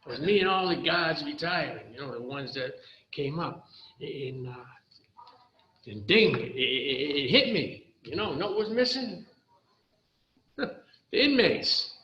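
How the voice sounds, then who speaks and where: An older man speaking at a recovery meeting, telling his personal story in an animated way and often asking "you know?" and "right?". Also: a little high, a little slow, long pauses, a little hiss or hum. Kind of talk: personal testimony talk. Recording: roomy, slightly muffled hall recording.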